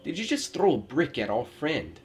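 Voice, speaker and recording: A man voicing an angry young guy yelling. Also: lowish voice, unhurried, soft background music, natural voice. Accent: Romanian. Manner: aggressive, shouting.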